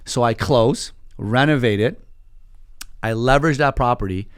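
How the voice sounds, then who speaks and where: A man in his forties from Iran, telling his story as a podcast guest in an animated, quick way, full of fillers and quoted voices. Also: medium pitch, no echo, studio quality. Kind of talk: casual storytelling.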